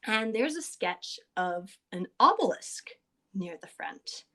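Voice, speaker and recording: A woman's voice: medium pitch, very animated, takes it slowly, sharp tone. A woman podcast co-host casually recapping a tabletop game session, chatty and loose with lots of fillers.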